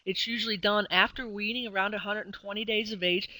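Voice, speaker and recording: A woman lectures in a webinar, her voice bright and forward. She explains in a conversational way, pausing on fillers and correcting herself as she goes. The sound is dry and close, with no room around it. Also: medium pitch, steady tone, no room sound, low-quality recording. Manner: conversational teaching with frequent fillers and self-corrections. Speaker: extension specialist presenting a webinar.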